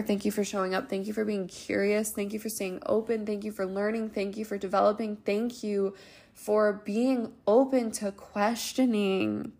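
Woman podcast host for channeled spiritual messages, gravelly fry, soft chant-like repetition. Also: medium pitch.

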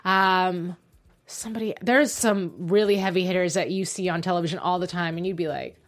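A woman's voice: on the low side, steady tone, fairly quick. A young woman co-hosting a live online show, chatting casually, laughing easily and making self-deprecating asides. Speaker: co-host.

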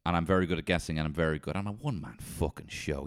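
A man telling an animated, sweary comedy story and breaking into shouted impressions. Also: extremely low pitch, rapid-fire.

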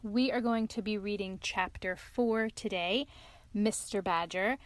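A mother hosting a show and reading a bedtime story aloud in a calm, steady way. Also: medium pitch, moderate pace, dry recording.

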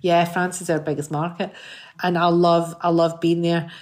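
A woman's voice: lowish voice, normal speed. Chatty Scottish woman in her fifties. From Scotland. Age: 50s. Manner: chatty, animated storytelling with many restarts. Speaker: singer and guest. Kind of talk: casual interview chat.

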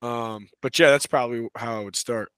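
A man talking as a wrestling coach and podcast guest in a relaxed, casual way, full of "you know" and "right.". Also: mid-range voice, normal speed, clean tone, no room sound. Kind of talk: casual conversational interview.

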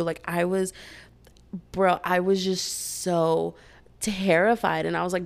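A young woman telling a personal story in a casual storytime vlog, animated and chatty, full of fillers, acting out what others said. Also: on the low side. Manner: animated, fast-talking, many fillers, voices quoted lines loudly.

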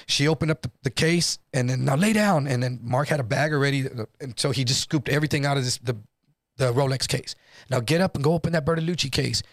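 Gravelly guy, dry close sound, telling a wild story, swears a lot. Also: fast, no echo. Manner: animated, acts out quotes in higher voice; profane, loose. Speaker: guest storyteller. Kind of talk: casual storytelling.

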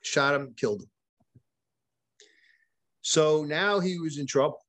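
A man's voice: a little high, slow pace, a bit bright. A man, a podcast guest and author, telling a long story in a conversational way, often restarting and repeating words and quoting what people said. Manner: retells events with quoted dialogue.

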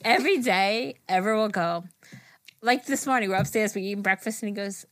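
A woman's voice: mid-range voice, fairly quick, fairly bright tone, no room sound. A woman co-hosting a podcast in casual chat, bubbly and swearing freely between laughs. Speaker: podcast co-host.

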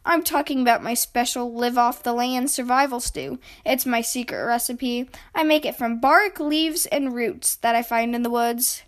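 A big, cheerful father bear boasts heartily about his wilderness plans, read aloud by a woman. The voice sits a little high, as in a storybook told to children. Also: steady tone, normal speed, few pauses, lightly acted. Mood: boastful.

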